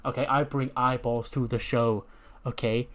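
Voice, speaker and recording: A man's voice: mid-range voice, fairly even intonation, moderate pace, close to an everyday voice. A man voicing a flustered female wrestler who stammers nervously and pushes her case. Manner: stammering, nervous, then pushy.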